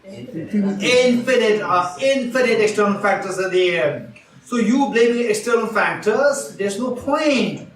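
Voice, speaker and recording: This is a man with a high, expressive voice, unhurried as he gives a Buddhist teaching at a retreat hall. He draws in the audience with questions and repeats key phrases, and the recording carries distant, roomy hall acoustics.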